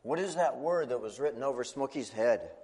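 Animated man telling a children's sermon. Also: medium pitch, a little fast, in a large hall. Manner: animated, chatty, asks the audience questions. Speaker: preacher telling a children's story.

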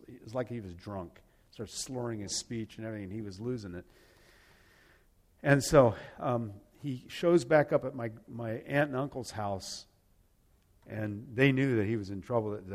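An older man earnestly retelling a painful family story, halting and repeating words as he goes. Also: mid-range voice. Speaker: personal testimony speaker. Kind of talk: personal storytelling.

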